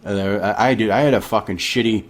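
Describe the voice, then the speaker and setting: Deep-voiced man in laid-back chat. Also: fairly even intonation, quick pace. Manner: laid-back, lots of agreeing murmurs. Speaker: podcast co-host. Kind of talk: casual chat.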